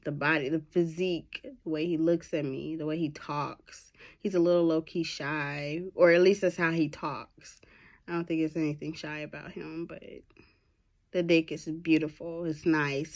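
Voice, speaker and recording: A young woman, hosting a candid solo podcast, telling a story in a frank, profane way and laughing often. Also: on the low side. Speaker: podcast host.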